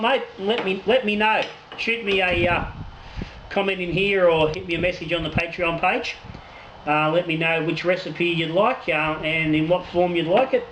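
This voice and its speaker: A man, a home brewer hosting his own channel, drawing raffle winners and chatting casually, joking and swearing freely. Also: sits high. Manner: jokey, swears casually, trails off and restarts. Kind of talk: casual raffle draw and brewing chat. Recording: echoey room with noticeable noise.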